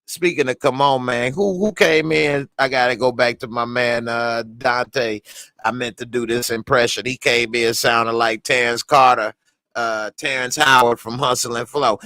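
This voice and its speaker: Brief: animated male reviewer, casual reaction talk, dry close sound. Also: medium pitch, moderate pace, dry recording. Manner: animated, slangy, laughs often. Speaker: TV show reviewer.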